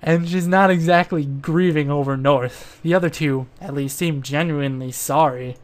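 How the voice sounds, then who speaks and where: A man's voice: on the high side, steady tone, normal speed, lightly acted. A man voicing a boastful, flirtatious male adventurer in a mystery game, with a drawling, self-satisfied manner.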